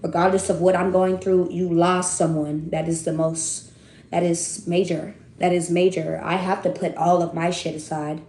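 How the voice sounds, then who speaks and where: Young woman in her twenties, chatty and animated, speaking in an echoey room. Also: on the low side, normal speed. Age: 20s. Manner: animated, talkative, slangy, swings between loud and hushed. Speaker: tarot reader and streamer. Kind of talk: casual storytelling to viewers.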